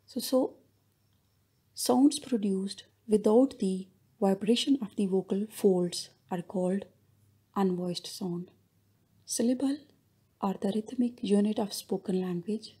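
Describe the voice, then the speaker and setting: A woman's voice: medium pitch, takes it slowly, warm tone, slightly rough. A woman giving a linguistics lecture as voice-over narration, reading steadily through definitions and examples.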